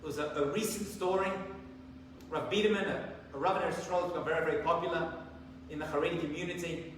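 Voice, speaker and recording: Rabbi preacher, high-voiced, telling stories with acted-out lines, recorded far off in a big reverberant hall. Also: male voice, quick pace, slight background noise. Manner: animated storyteller, acts out dialogue. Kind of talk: sermon with storytelling. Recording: echoey hall from far off, faint ambience.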